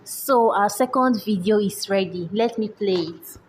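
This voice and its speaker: A woman's voice: mid-range voice, a little slow, rough recording. Woman talking through a tutorial. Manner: checks in with rhetorical questions. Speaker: tutorial host. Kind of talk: screen-recorded software tutorial. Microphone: voice-over on screen recording.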